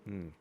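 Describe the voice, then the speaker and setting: A man streaming a game, chatting casually in a rambling, self-deprecating way full of fillers. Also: a little mellow. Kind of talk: casual commentary over a game.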